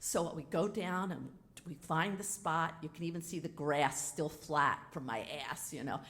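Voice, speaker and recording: A woman telling a personal story live on a theater stage, animated and frank, acting out the dialogue as she goes. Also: low-pitched, normal speed. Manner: animated, dramatic retelling with quoted dialogue; casual and frank. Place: theater stage before an audience.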